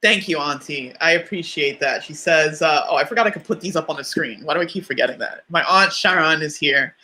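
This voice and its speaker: A woman's voice: low voice, a little fast, sharp tone. Woman, motivational speaker, heartfelt livestream storytelling, emotional but candid. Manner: emotional, close to tears, laughs through it; candid, conversational, addresses listeners directly.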